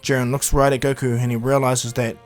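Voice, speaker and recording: A man loosely narrating a fan-made anime retelling, rambling and restarting as he goes. faint music plays quietly under his voice. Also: mid-range voice, level tone, brisk. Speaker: YouTube storyteller. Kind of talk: casual fan-fiction retelling.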